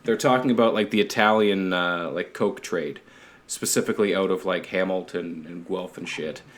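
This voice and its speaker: Dude on a podcast, low-ish voice, rambles and swears a lot, laughs as he goes. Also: normal speed. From Canada. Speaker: podcast host. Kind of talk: casual chat.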